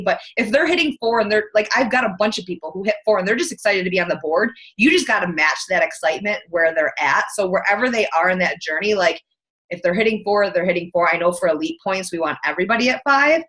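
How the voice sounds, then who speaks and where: A woman's voice: medium pitch, fairly bright tone. A woman team coach talking casually in an interview, blunt and to the point, with lots of "like" fillers. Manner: blunt, fast, filler-heavy talk.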